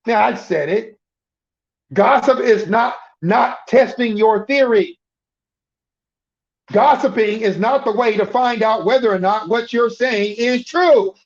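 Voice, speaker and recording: A man's voice: very high-pitched, measured pace, lo-fi sound. A middle-aged man preaching a conversational sermon, emphatic, often repeating himself and restarting words.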